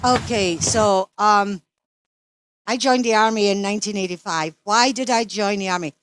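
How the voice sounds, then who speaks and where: A woman's voice: mid-range voice, moderate pace, clean tone, no echo. A Scottish woman in her sixties, an interview guest who talks bluntly and swears freely, as if ranting in casual chat. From Scotland.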